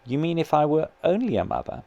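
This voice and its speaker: A man reading aloud as a patient male spirit who gently and earnestly persuades his grieving sister. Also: a little high, fast talker, gravelly, dry recording, lo-fi sound. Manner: calm, kindly, earnest persuasion.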